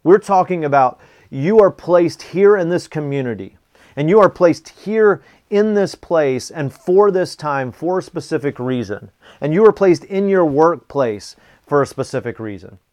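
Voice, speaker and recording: A man's voice: a little high, expressive, a little slow, darkish tone. A middle-aged man giving a motivational talk, telling personal stories and repeating key phrases earnestly, with the odd chuckle. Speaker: speaker teaching a planning method.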